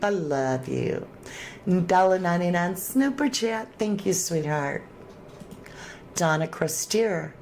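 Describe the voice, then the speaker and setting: A woman with a medium-pitched voice hosts a true crime livestream, reading viewer comments aloud and chatting casually. She thanks her viewers with endearments, and there's slight background noise.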